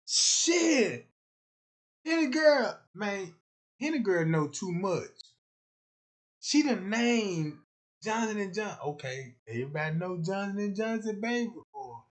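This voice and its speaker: Young male streamer, raised pitch, rambling crude boastful rant on a phone mic. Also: sing-song, slow. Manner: rambling and boastful, with frequent "you know what I'm talking about". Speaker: livestreamer. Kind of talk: crude comic livestream rant.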